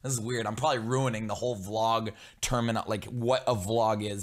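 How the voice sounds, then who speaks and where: A man's voice: lowish voice, fairly even intonation, a little fast, few pauses. Upbeat young man signing off a vlog. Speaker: vlogger. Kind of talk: casual vlog chat.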